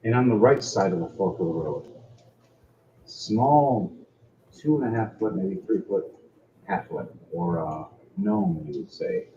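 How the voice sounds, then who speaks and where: Dark-voiced man running a tabletop game. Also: low-pitched, expressive, roomy sound, a little hiss or hum. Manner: halting, conversational narration. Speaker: game master. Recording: dull lo-fi sound with faint music.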